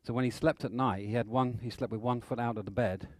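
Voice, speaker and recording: A man runs a training seminar, telling anecdotes and acting out the people in them. His voice sits at an ordinary middle pitch. The sound is dry, with no room echo. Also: quick pace. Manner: animated, acts out stories with shouts and laughter. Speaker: NLP trainer. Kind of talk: live seminar storytelling.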